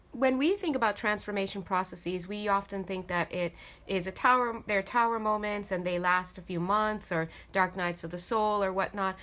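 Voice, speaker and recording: A woman's voice: medium pitch, fairly bright tone. A woman giving a casual tarot reading to her viewers, chatty and talking straight to them. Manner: chatty, laughs often, addresses viewers as guys. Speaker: tarot reader.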